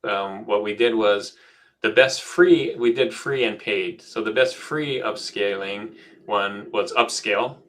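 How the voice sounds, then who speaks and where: Easygoing man with a lowish voice. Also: unhurried, fairly bright tone. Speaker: podcast co-host. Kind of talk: casual podcast chat.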